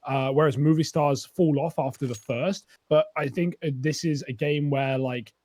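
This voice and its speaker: A man's voice: a little high, fairly even intonation, moderate pace, darkish tone, dry recording, clean studio sound. A man giving analytical color commentary on an esports match, talking through stats and strategy with frequent fillers.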